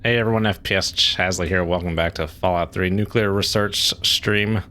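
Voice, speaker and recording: A man's voice: low voice, fairly even intonation, normal speed, bright, forceful tone. A man streaming a game, giving casual, rambling commentary as he plays and thinks aloud.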